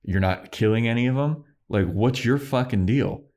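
A man's voice: mid-range voice, moderate pace, pitched above the performer's own voice, close to an everyday voice. A man acting out a frantic, swearing young male soldier in a casual retelling. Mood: angry. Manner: shouting, swearing, rattled.

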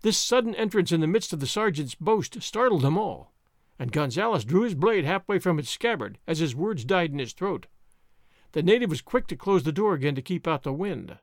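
A man narrating an audiobook in an expressive, dramatic storytelling way. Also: a little high, normal speed, dry recording, clean studio sound. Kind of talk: audiobook reading.

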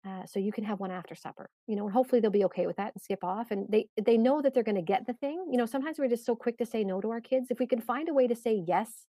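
A middle-aged woman, a parenting coach, explaining calmly in a podcast interview, with many fillers and restarts. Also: fairly high pitch, rapid-fire, few pauses, no echo.

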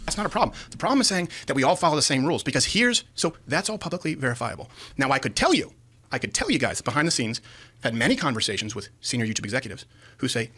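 A man arguing his case as a guest in a heated podcast discussion, rapid-fire and insistent. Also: mid-range voice, sing-song, sharp tone, breathy edge.

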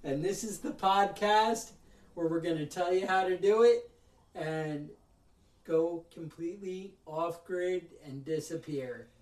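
A man with a high voice tells a story in a worked-up, ranting way, putting on the voices of the people in it. He sits back from the mic in a roomy space, so the sound carries some echo. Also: a little slow, darkish tone, recorded from a distance. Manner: ranting storyteller, acts out other people's lines. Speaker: podcast host. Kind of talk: casual podcast chat.

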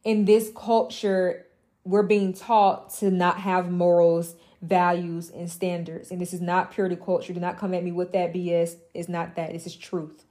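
A woman's voice: lowish voice, level tone, normal speed, warm tone. A young woman mentoring other women in an impassioned motivational monologue, emphatic and blunt, with profane, mocking asides.

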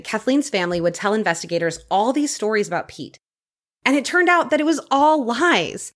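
Lively woman telling a true crime story. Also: lowish voice. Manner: lively storytelling, reads case details aloud. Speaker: podcast co-host. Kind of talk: true crime podcast chat.

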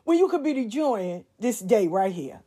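A woman voicing her elderly father with dementia, who asks calm, wry questions in an easygoing way. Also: mid-range voice, moderate pace, breathy edge.

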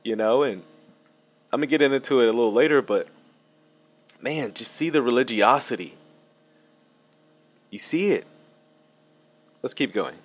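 A man hosting a casual reaction commentary, animated and laughing, with many fillers and restarts, a lawn mower buzzing behind him. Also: mid-range voice, unhurried, long pauses. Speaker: video commentator. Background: lawn mower buzz.

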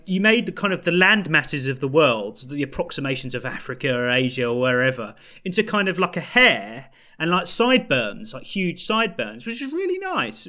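A man's voice: on the high side, bright, forceful tone. A man hosting a casual podcast chat, asking a guest questions and laughing easily. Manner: laughs helplessly while reading a quote. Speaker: podcast host.

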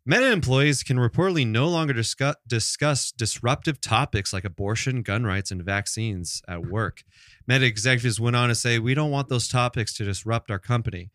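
A laid-back man with an average pitch reads a joke in a casual writers' room. His voice sounds close and dry. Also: brisk, a bit bright, no echo. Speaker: comedy writer.

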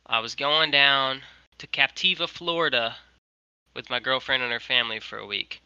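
A young man tells a long story over a video call, animated and full of casual fillers. His voice is very bright and sharp, and it sounds close and dry. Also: medium pitch, normal speed, clean tone, no room sound, low-quality recording. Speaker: guest, merch maker.

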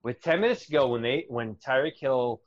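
A man co-hosting a sports podcast, telling a betting story in an animated, suspense-building way. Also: mid-range voice, moderate pace, dull audio. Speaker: podcast co-host. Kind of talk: casual sports chat.

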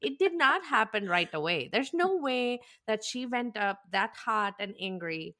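A woman's voice: on the high side, animated, a little slow, sharp tone. A woman co-hosting a podcast, chatting playfully and laughing as she recaps a reality show. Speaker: podcast co-host. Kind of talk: casual recap chat.

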